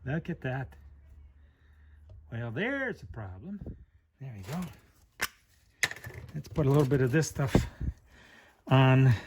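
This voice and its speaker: A middle-aged man talks through a hands-on repair in a slow, unhurried way, thinking aloud as he works. His pitch sits in a plain middle range. At times his words come out muffled around a flashlight held in his mouth. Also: big pitch swings, noisy background. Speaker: car repair channel host.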